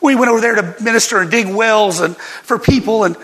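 An older man, a pastor, telling a personal story in a sermon and reading scripture, with animated laughter between lines. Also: high voice, fairly quick, big-room sound.

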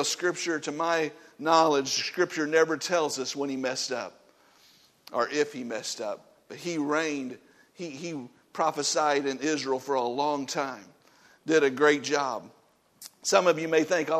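Preaching man, lively and loud-soft. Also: a little slow. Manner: conversational preaching with laughter and self-deprecating asides; swings between loud emphasis and soft, low passages. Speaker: pastor. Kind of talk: sermon.

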